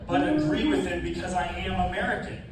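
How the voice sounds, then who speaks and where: Young male comic from Miami with a nasal voice, a bit high, echoey room, mic heard from far off, some room noise. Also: expressive, fast talker. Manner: nervous, self-mocking storytelling. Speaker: stand-up comedian. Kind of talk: stand-up set. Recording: echoey far-off club recording. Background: room ambience.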